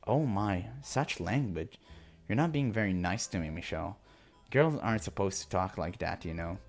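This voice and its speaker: This is a cruel, sneering young woman captor who mocks her prisoner in a visual novel, with a man reading her part. The voice sits fairly low, and it taunts without pause. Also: lively intonation, darkish tone, faint music behind. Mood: mocking.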